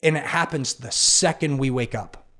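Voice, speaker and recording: A man hosting a motivational talk, telling stories with animated delivery and acting out the inner voices that argue in a person's head. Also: mid-range voice, normal speed. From Kansas City area, United States. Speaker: podcast host. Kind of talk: motivational monologue.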